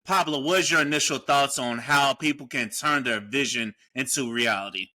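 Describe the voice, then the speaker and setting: A man's voice: mid-range voice, normal speed, bright, forceful tone. A man co-hosting a casual podcast, laid-back and agreeable, asking a guest questions.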